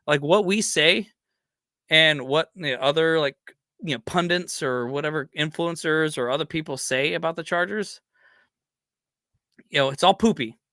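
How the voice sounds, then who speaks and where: A man's voice: a little high, normal speed, pauses often, pushed and bright, no echo, studio quality. A man hosting a fan podcast, talking casually and heartfelt with lots of fillers. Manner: rambling, heartfelt, lots of "you know". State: getting choked up. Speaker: podcast host.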